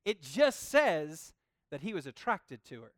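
A man preaching a sermon to a young crowd in an informal, animated way, often asking "okay?" and calling them guys. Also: a little high, unhurried, no room sound, clean studio sound.

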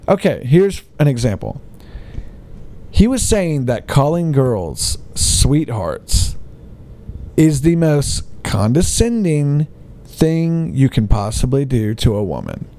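Fired-up ranting man, lively voice. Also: a little high. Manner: heated, emphatic, sarcastic. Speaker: vlogger. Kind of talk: ranting monologue to camera.

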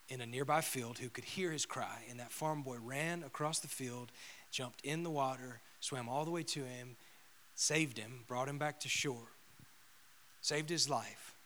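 Bright-voiced male pastor preaching a sermon. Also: medium pitch, slight background noise. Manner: storytelling, swings from loud proclamation to hushed whisper.

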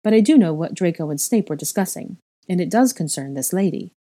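Woman reading wise earnest old witch in a portrait, measured, low and mellow. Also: animated, no room sound, studio quality.

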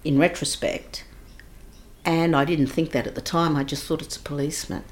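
Woman, slightly low voice, emotional first-person storytelling, hushed to intense. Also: fairly even intonation, normal speed. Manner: vivid, emotional retelling with shifts between hushed and raised intensity. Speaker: guest recounting her childhood.

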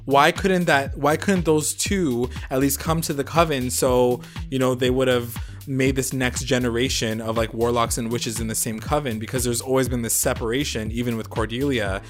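A man's voice: medium pitch, fairly even intonation, moderate pace, hardly any pauses, soft background music. A man co-hosting a casual TV recap podcast, loose and chatty with many fillers and some swearing. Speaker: podcast co-host.

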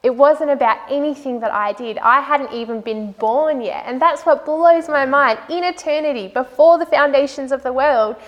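A woman's voice: high-pitched, moderate pace, few pauses, muffled recording. A woman sharing a personal faith testimony, earnest and heartfelt, often using "like" as a filler. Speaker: speaker sharing her faith story.

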